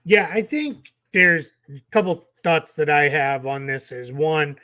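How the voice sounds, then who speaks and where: A man's voice: fairly high pitch, expressive, measured pace, pushed and bright. A man with a slightly raised voice chats loosely about basketball, often restarting his sentences and stumbling over repeated words. The sound is dry and close, with no room echo. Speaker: podcast co-host. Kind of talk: casual sports talk.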